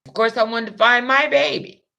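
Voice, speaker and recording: A woman's voice: fairly high pitch, fairly even intonation, a little fast, vocal fry, bright, forceful tone. A young adult woman telling a personal story in a rambling, emotional, profane way. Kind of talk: casual monologue.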